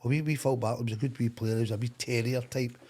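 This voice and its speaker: A middle-aged Scottish man, a former football manager, telling stories in a lively way with frequent laughs. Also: mid-range voice, quick pace. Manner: animated, laughing anecdote-teller. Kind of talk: storytelling in podcast chat.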